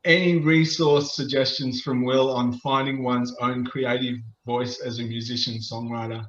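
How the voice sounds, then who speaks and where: A man's voice: medium pitch, little pitch movement, moderate pace, fairly bright tone. Hesitant male host with dull, echoey video call audio. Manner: hesitant, many ums and restarts. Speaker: event host.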